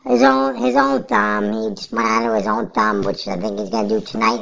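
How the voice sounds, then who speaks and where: A woman's voice: medium pitch, wildly swooping pitch, normal speed, vocal fry, hardly any pauses, a bit bright, dull audio. A woman podcast host giving casual, rambling fantasy sports picks in a blunt, offhand way, with some profanity.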